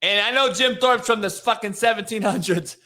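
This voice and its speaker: A man's voice: high-pitched, brisk, bright, forceful tone. A man hosting a casual sports talk show, blunt and profane, firing off strong opinions.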